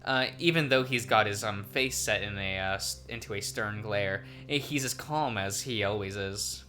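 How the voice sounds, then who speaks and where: A man's voice: on the low side, normal speed, pushed and bright. A man hosting a let's play, reading a visual novel aloud in a hesitant way with many ums and uhs.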